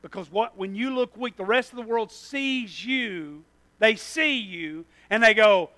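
A man preaching in a very high, bright voice. He is emphatic and repeats his phrases, swinging between loud bursts and near-hushed asides. The recording sounds close and dry. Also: unhurried, no echo. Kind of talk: sermon.

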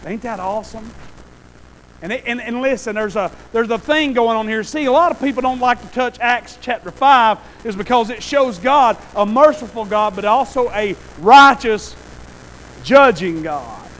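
A man preaching a sermon in a folksy, animated way, often asking the congregation "Amen?" and swinging from quiet asides to loud bursts. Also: very high-pitched, normal speed, a little hiss or hum, low-quality recording.

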